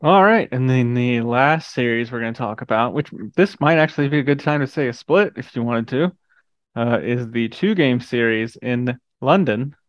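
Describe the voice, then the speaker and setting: A man hosts a casual sports podcast at a middle pitch. He talks loosely and hesitantly, with fillers. The recording is dry and dull. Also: expressive, moderate pace, no room sound. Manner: easygoing, hesitant, lots of filler. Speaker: podcast host. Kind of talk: casual chat.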